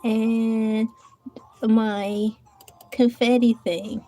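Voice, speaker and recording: Slow-talking, high-voiced woman streamer. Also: flat delivery, dark tone. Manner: chatty, talks to herself while searching and typing. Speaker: live streamer. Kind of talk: casual live-stream chat. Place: home, seated at a table.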